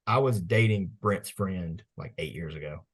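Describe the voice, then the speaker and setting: A man's voice: low-pitched, moderate pace, husky. A man, co-hosting a podcast in casual chat, laid-back and telling stories with frequent laughs. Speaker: podcast co-host.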